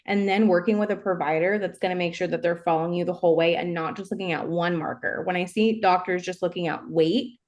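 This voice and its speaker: A woman co-hosting a podcast, chatting in a lively, casual way on a video call. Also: lowish voice, fast, few pauses. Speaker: podcast co-host. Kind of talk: casual interview chat.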